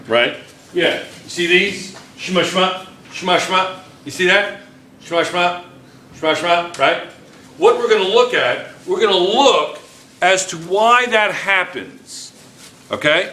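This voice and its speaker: A man's voice: a little high, pushed and bright, far from the mic. A man teaching a chemistry class at the board, repeating himself and checking in with students. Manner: repetitive, checks in often with students. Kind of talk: classroom lecture at a whiteboard. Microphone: camera in the room. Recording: echoey classroom with faint room noise.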